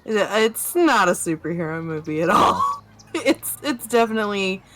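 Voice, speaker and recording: A woman's voice: mid-range voice, big pitch swings, normal speed, noisy background. A woman streaming a city-building game, chatting casually with friends and laughing easily. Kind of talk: casual chat while playing a game.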